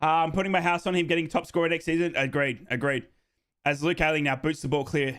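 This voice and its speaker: Male fan host calling a match live, high bright voice, swings to shouting. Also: fast talker. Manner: excitable, bursts into shouting celebrations; reads out viewers' names and answers them. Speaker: host of a live football watchalong.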